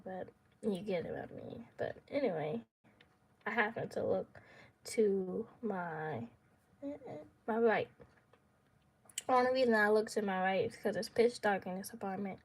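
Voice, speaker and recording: A woman's voice: medium pitch, breathy edge. A young woman vlogger telling a personal story in casual, slangy speech, dramatic and full of laughs.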